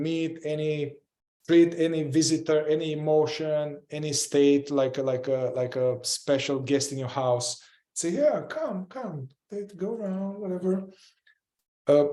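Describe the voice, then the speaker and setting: A man's voice: fairly high pitch, little pitch movement, a little slow, warm tone, reverberant. A man teaching a group in a casual, reflective way, often repeating short phrases as he demonstrates a practice. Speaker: group facilitator.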